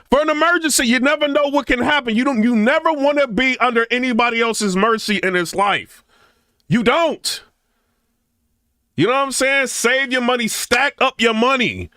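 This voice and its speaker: Recorded close and dry without any echo, this middle-aged man reacts casually in an animated, talkative way. His high, bright, sharp-edged voice ranges broadly in pitch, and he keeps saying "you know what I'm saying."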